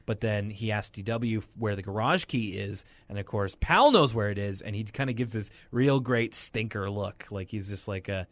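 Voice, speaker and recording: A man's voice: lowish voice, normal speed, hardly any pauses, a bit bright, no room sound. Man chatting loosely on a dry mic. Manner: loose, rambling, retells scenes with quotes. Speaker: podcast co-host. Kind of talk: casual chat recapping a cartoon.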